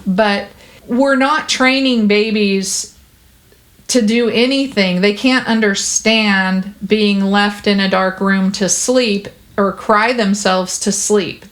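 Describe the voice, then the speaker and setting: Chatty, reassuring woman podcast host. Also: medium pitch. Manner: chatty, explanatory, many fillers like "like" and "you know"; earnest, reassuring. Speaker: podcast host and child development expert. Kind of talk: casual podcast conversation.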